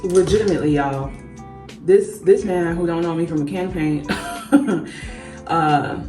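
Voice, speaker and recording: Young woman beauty vlogger, casual storytime, swears and says y'all; slightly low voice, roomy echo and faint music underneath. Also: measured pace, distant mic. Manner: animated, swears freely, addresses viewers as y'all. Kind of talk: casual storytime while doing makeup.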